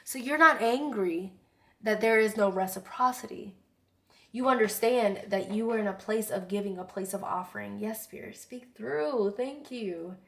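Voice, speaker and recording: A woman giving a casual spiritual tarot reading, earnest and effusive, chatting with soft whispered asides. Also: mid-range voice, moderate pace, vocal fry. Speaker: tarot reader.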